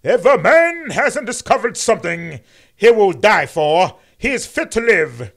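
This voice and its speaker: A man doing an impression of a grand, rousing preacher-orator, speaking in a swelling sermon cadence with drawn-out words. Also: high voice, very animated, vocal fry, fairly bright tone, voice pushed up, full character voice. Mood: orating.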